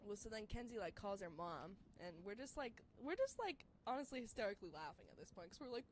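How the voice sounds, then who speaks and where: A young woman telling a story in casual chat, rambling with many fillers and turning shrill and laughing when excited. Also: a little fast, slight background noise.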